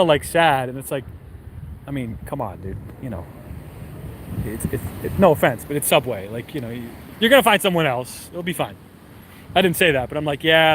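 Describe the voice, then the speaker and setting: A man's voice: on the high side, fairly bright tone, a little hiss or hum. A young man streaming, telling a rambling story to his chat with lots of fillers and wry asides. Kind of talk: casual storytelling to a live chat.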